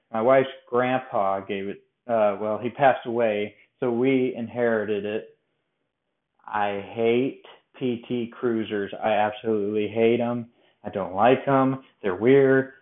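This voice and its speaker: A young man from Colorado, hosting a podcast and telling a personal faith story in a chatty, rambling way that pokes fun at himself and often restarts sentences. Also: mid-range voice. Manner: chatty, rambling, self-deprecating with frequent restarts. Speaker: podcast host. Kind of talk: casual faith testimony storytelling. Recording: tinny phone-like sound in an echoey room.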